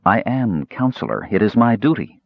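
A man reading an audiobook, voicing a composed noblewoman counselor who speaks softly and persuasively. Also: on the low side, expressive, normal speed, husky, no room sound. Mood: subdued. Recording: slightly muffled dry recording.

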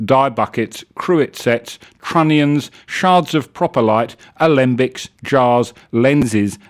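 A man reading a comic story aloud on a live show in a wry, lively way. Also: mid-range voice. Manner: lively, wry, self-correcting.

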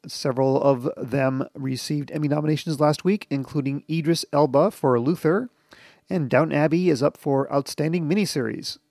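A man's voice: a little high, moderate pace, a little mellow, dry recording. Dry-humored man hosting a podcast. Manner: dry, self-deprecating joking. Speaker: podcast host. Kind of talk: casual solo podcast monologue.

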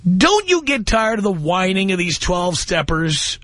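A man's voice: sits high, big pitch swings, normal speed, few pauses, fairly bright tone, no room sound. A man hosting a call-in talk radio show, ranting bluntly and mocking callers. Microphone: studio microphone.

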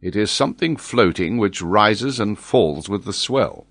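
A man's voice: on the low side, lively intonation, a little slow, a bit bright, dry recording, heavily acted. A man voicing a firm sea captain. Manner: crisp orders, firm. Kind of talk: audiobook character voice.

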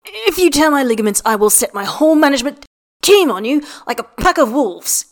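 A woman's voice: fairly high pitch, expressive, normal speed, lightly acted. A woman voicing a flustered, put-upon man in a storybook reading, protesting in a raised, strained voice.

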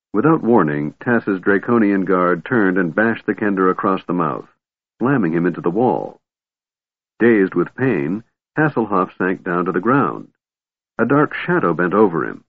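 A man reading a fantasy novel aloud in a measured, steady narration. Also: sits low, no room sound. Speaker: audiobook narrator. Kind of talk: scripted narration. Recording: tinny phone-like band, dry.

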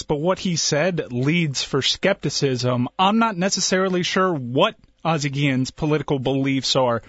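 A man speaking as a guest on sports radio, measured and skeptical. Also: on the high side, fairly bright tone, no room sound. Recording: dull, lo-fi broadcast audio.

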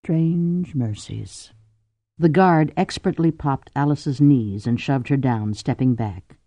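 A man narrating a novel in a measured, dramatic audiobook reading. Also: mid-range voice, dark tone, no echo. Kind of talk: scripted narration.

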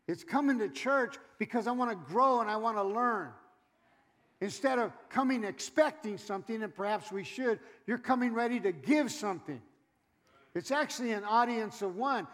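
Male pastor, preaching, high voice, long church reverb, congregation faintly behind. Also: expressive, normal speed, some chatter behind. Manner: preaching with call-outs to the congregation; acts out churchgoers in quoted asides. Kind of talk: sermon. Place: church sanctuary.

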